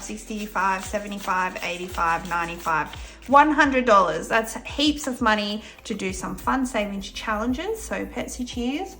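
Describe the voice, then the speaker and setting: Bright, chatty Australian woman vlogger. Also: mid-range voice. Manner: chatty and upbeat, counting cash aloud. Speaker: budgeting vlogger. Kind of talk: casual vlog narration.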